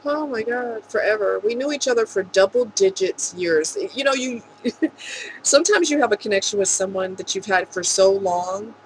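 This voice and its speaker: A woman speaking earnestly and emotionally in a rambling vlog monologue, with soft laughs. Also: medium pitch, animated, normal speed, slight background noise, low-quality recording. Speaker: vlogger.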